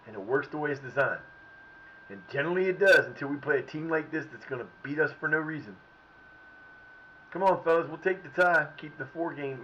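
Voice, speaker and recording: A man's voice: on the high side, sharp tone, slight background noise, rough recording. A man streaming a football management game, talking at his players, often frustrated and swearing. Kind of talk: live gameplay commentary.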